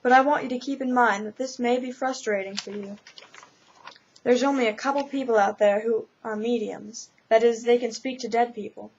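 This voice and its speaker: A woman voicing an older, brisk, matter-of-fact spirit who guides a newcomer, read in a storybook manner, on a slightly dull lo-fi recording. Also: fairly high pitch, fairly even intonation, darkish tone, a little hiss or hum, close to an everyday voice.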